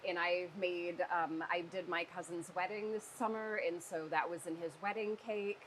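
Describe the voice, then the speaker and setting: A woman talking casually as a guest, explaining food flavors in an animated, chatty way. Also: fairly low pitch, moderate pace, slight background noise, low-quality recording. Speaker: guest flavor company representative. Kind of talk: casual chat.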